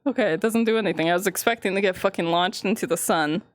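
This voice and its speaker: A woman's voice: medium pitch, quick pace. A young woman streamer in casual live-stream chat, rambling, giggling often and swearing freely.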